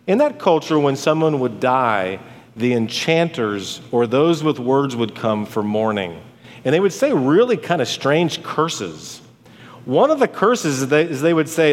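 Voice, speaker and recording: A male pastor preaches in an earnest, conversational way, his fairly high voice carrying a long reverb through a large church hall. He slips easily into personal stories between readings. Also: animated, normal speed. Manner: earnest and conversational, storytelling asides. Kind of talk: sermon.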